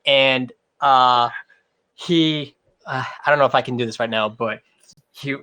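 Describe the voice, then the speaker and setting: A man's voice: medium pitch, a little slow, sharp tone, smooth. A man playing in a tabletop game, describing what his character does in casual chat. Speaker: player.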